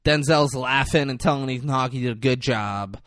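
Man, casual storyteller, animated, swears a lot, dry close sound. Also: medium pitch, a little fast, no echo. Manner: animated storyteller, acts out lines, swears freely. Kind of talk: casual podcast chat, retelling a movie scene.

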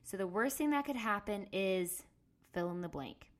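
Woman in her 30s doing a solo podcast, earnest and chatty, middle-pitched voice. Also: expressive, moderate pace. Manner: earnest, storytelling, acts out her past self loudly. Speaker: podcast host. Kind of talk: casual monologue.

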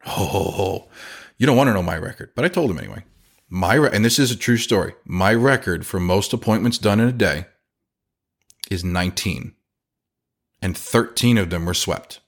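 Low-voiced man telling shop stories. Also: normal speed. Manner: animated storyteller, acts out quotes. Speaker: chimney sweep company owner. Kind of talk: casual podcast monologue.

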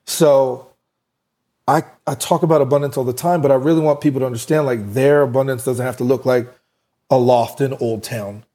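A man's voice: mid-range voice, steady tone, fairly quick, dark tone. A man in casual conversation, earnestly telling a personal story and acting out the dialogue he quotes.

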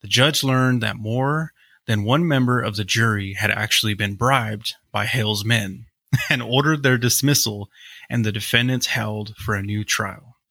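A man co-hosting a podcast, reading a true-crime story aloud at a steady pace and breaking off into wry, casual asides. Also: on the low side, moderate pace, dry recording. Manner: reads steadily, then breaks into wry jokes.

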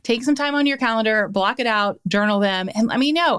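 A young adult woman hosting her own motivational podcast, speaking straight into a podcast mic. Her voice sits a little high and comes across smooth and clear. She keeps things upbeat and encouraging, repeating her key points for emphasis. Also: fairly quick, a bit bright. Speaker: podcast host. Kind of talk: motivational solo podcast talk.

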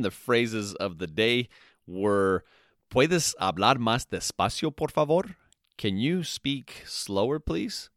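A man hosts a podcast Spanish lesson, going slowly and repetitively, saying each phrase twice with its translation and checking in with "okay?" and "all right." His voice is on the low side with a fairly bright tone. The recording is dry and studio quality.

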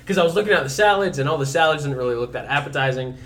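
A man's voice: mid-range voice, fairly bright tone. Defensive young man telling his side. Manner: defensive, storytelling with quick asides. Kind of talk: casual chat with friends.

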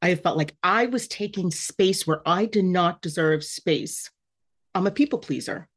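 With a lowish voice and a measured pace, a woman talks candidly and emotionally about her feelings on her own podcast. It's a self-reflective personal monologue.

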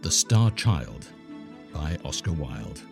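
A man narrating a classic children's fairy tale in a measured, expressive storytelling manner. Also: a bass voice, creaky, over music.

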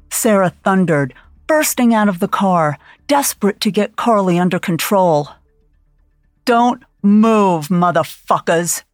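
A woman's voice: lowish voice, no echo, studio quality. Woman narrating an audiobook dramatically. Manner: steady dramatic reading.

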